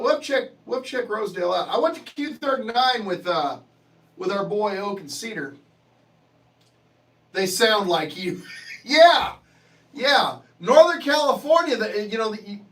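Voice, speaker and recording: This livestream host is a man with a high, slightly bright voice who chats casually and answers viewer comments with profanity, jokes and frequent laughter. He's far from the mic, and the audio quality is poor.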